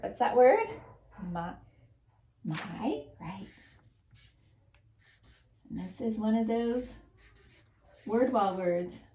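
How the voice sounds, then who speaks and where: A woman teacher giving a lesson to young children, speaking slowly and clearly. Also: a little high, a little mellow, echoey room, slight background noise. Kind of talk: classroom lesson.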